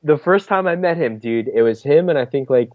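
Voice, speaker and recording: A man's voice: fairly high pitch, lively intonation, a little fast, dry recording. Laid-back, slangy man on a muffled line. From Philadelphia. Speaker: guest, former drift driver. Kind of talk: casual chat.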